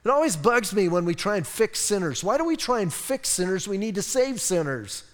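Enthusiastic male pastor, high voice, casual and animated, long hall reverb. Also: brisk. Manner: animated, conversational, enthusiastic preaching. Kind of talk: sermon. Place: church sanctuary.

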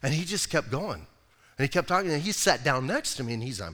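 A middle-aged pastor delivers a conversational sermon in a church sanctuary, sharing personal stories and reading scripture aloud. His voice is on the high side, sing-song, brisk, bright and forceful, carried by long hall reverb.

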